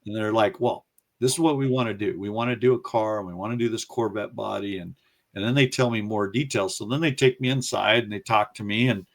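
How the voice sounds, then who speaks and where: Gravelly-voiced man telling a story. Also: on the low side, fairly quick. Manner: animated storyteller who acts out quoted voices. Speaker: guest recounting his career. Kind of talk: casual storytelling interview.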